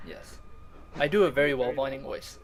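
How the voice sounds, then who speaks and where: A young man co-hosting a casual gaming podcast, relaxed, rambling and jokey. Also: medium pitch, normal speed, poor audio. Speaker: podcast co-host.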